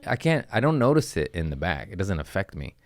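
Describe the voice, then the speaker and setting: Deep-voiced man telling rambling stories. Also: big pitch swings, a little fast, no echo, studio quality. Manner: rambling, self-mocking, slangy, acts out quotes. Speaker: comedian host. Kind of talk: casual storytelling. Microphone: podcast mic.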